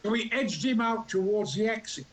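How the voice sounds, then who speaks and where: A man in his eighties with a Yorkshire accent, a talk show guest telling stories theatrically and acting out the characters with booming outbursts. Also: moderate pace, low-quality recording. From Yorkshire, England. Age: 80s. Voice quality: booming, larger-than-life delivery with sudden loud outbursts. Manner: animated storyteller who acts out every character.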